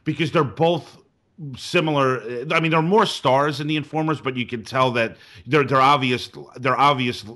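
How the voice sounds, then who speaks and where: A man's voice: mid-range voice, fairly even intonation, normal speed, pushed and bright. A man hosting a movie podcast, casually asking the others questions and steering the discussion. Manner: steers the talk, asks questions. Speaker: podcast host. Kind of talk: casual movie review chat.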